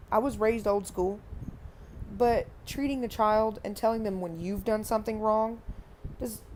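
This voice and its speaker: A woman's voice: mid-range voice, a little mellow, a little hiss or hum. A woman and parent giving earnest, repetitive parenting advice in a casual vlog monologue. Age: adult parent. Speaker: parenting vlogger.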